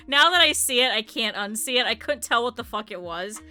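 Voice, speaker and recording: Woman streamer, high voice, bright tone, casual swearing chat, laughs often, faint background music. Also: animated, normal speed.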